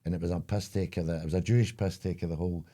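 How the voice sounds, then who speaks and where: The older co-host of a chat show, a Scottish man, speaks in a low, dark voice with fairly even intonation and a racing pace. In casual conversation he tells rambling stories, acting out voices as he goes.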